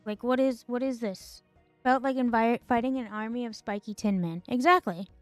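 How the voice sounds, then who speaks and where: A woman streamer vents in loose, sarcastic commentary, full of fillers and swearing. Her voice sits a little high, and the sound is dry and close. Faint music plays behind her. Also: moderate pace, no echo. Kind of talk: casual ranting stream commentary.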